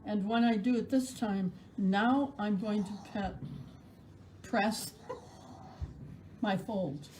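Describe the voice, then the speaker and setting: A woman's voice: medium pitch, slow, long pauses, darkish tone, a little hiss or hum, poor audio. A middle-aged woman teaching sewing in a shop, chatty, playful and encouraging. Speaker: sewing instructor. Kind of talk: live sewing demonstration.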